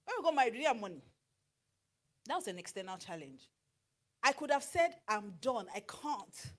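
A middle-aged Nigerian woman preaching on marriage, animated and slipping into pidgin with acted asides. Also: high voice, a little fast. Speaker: pastor and marriage counselor. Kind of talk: sermon.

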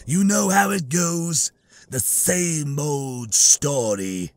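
A man's voice: a little high, dry recording. Bossk, a man doing a snarling reptile bounty hunter. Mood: leering. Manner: drawling, leering, slow and gloating. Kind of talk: audiobook character voice.

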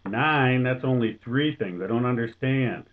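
A man's voice: medium pitch, a little slow, very noisy, close to an everyday voice. A man voicing a puzzled male store manager, polite and baffled. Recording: tinny phone-like sound.

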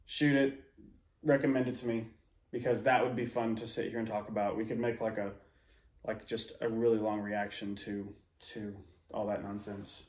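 A man's voice: lowish voice, little pitch movement, moderate pace, a little mellow. Rambling, profane man in an echoey room. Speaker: reaction video host. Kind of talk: casual reaction commentary.

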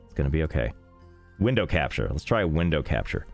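A man's voice: extremely low pitch, very animated, brisk, vocal fry. A man streaming a game, chatting casually and self-mockingly as he fights technical trouble. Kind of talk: casual live-stream chat. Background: faint game music.

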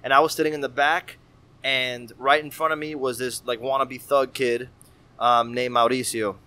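A man in his thirties, a guest on a casual podcast, telling stories in an animated, profane, slangy way. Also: medium pitch, normal speed, clean tone. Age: 30s. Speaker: guest artist.

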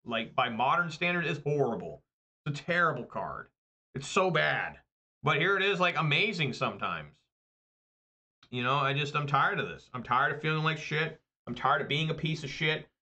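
Exasperated and profane, this man, a family man with a wife and kids who hosts a channel, rants casually to viewers while putting himself down. His voice is a little high and pushed and bright, moving at a moderate pace with big swings in pitch.

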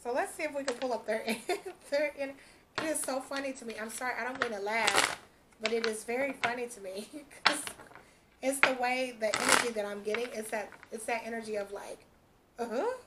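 A woman's voice: fairly high pitch, fairly quick, very noisy. A woman doing a casual tarot reading, chatty, breaking into frequent laughs. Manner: chatty, laughs often, quotes imagined speech. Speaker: tarot reader.

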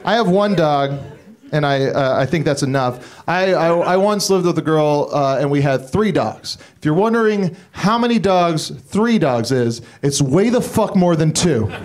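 Rambling high-voiced male stand-up comic. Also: expressive, unhurried. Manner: rambling, self-deprecating, profane, stammering restarts. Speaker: stand-up comedian. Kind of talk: stand-up comedy set. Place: comedy club stage. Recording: live club recording with audience laughter. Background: audience laughing.

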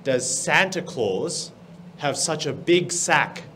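A man's voice: on the high side, lively intonation, slow pace, pushed and bright, slight background noise. A man guest at a comedy show, telling jokes in an amused, laughing manner.

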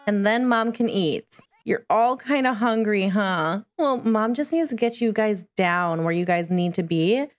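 A woman's voice: mid-range voice, lively intonation, measured pace, hardly any pauses. A woman giving casual let's-play commentary, chatty and cooing at the characters in her game. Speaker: gaming video creator.

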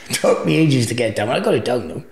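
A man's voice: medium pitch, big pitch swings, a little fast, vocal fry, a little mellow. A man in his forties, a podcast guest, telling rambling anecdotes, swearing freely and laughing often. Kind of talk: casual storytelling interview. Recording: roomy echo.

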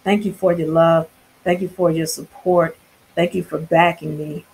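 A woman's voice: deep voice, little pitch movement, moderate pace, creaky, darkish tone, a little hiss or hum, rough recording. A woman vlogger delivering an impassioned spiritual monologue to her viewers, fervent and preachy, with casual slang and frequent restarts.

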